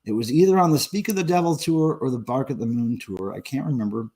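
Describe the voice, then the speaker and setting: A man in his fifties chats loosely through a livestream, reading out viewer comments. His voice sits at an ordinary middle pitch, and he swears casually as he rambles. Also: fast talker, dark tone. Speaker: livestream host.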